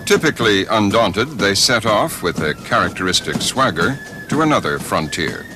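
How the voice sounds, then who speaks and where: A man reading scripted documentary narration in a measured, expressive way. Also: on the low side, over music.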